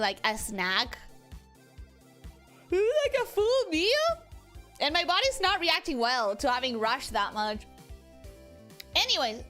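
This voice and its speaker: A young woman chatting live on stream, her voice high and bright as she welcomes viewers one by one. She sounds a little strained in the throat after rushing a meal. Faint music plays softly underneath. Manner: greets each chatter with a repeated welcome. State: throat feels full after a rushed meal. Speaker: VTuber streamer. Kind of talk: casual livestream chat.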